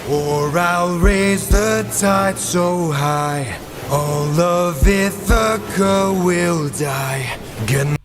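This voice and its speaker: A man playing a cold, vengeful sea god in a musical, delivering low whispery threats that break into distorted shouts. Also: drawn-out words. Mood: menacing whisper. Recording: musical cast track over loud score. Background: loud orchestral music.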